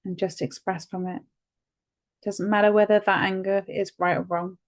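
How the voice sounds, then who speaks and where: A woman guiding a tapping session, speaking calmly and gently and repeating phrases for the listener to say back. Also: medium pitch, normal speed. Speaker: EFT tapping guide.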